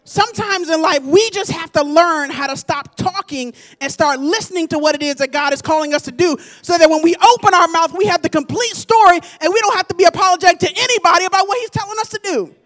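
Woman pastor, high-pitched, preaching a sermon and building to shouts. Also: fast, few pauses. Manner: preaching with call-and-response, rising to shouts.

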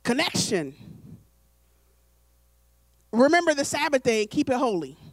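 A woman preacher delivering a calm, conversational sermon, slowing down for emphasis. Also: sits high, no room sound. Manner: conversational, deliberate, slows for emphasis.

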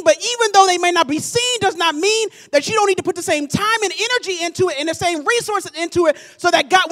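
Woman pastor, high-pitched, preaching a sermon and building to shouts. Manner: preaching with call-and-response, rising to shouts.

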